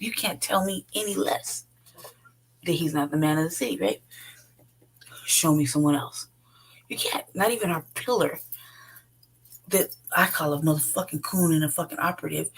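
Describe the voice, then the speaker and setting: On her own show, a podcast host in her 40s goes on an unscripted rant, blunt and full of profanity, often breaking into laughter. Her voice is lowish with a breathy edge, and the recording is rough.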